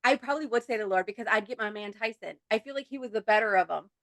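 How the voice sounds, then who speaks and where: A woman's voice: medium pitch, rapid-fire, dry recording, clean studio sound. A woman co-hosting a casual book-review podcast, talking bluntly with frequent swearing and giggles. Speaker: podcast co-host.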